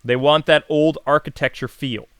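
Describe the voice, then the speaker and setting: A man's voice: on the high side, steady tone, normal speed, fairly bright tone, clear, resonant tone, dry recording. A man hosting a casual video channel, chatting enthusiastically and answering viewer questions with frequent fillers and self-corrections. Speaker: YouTube host.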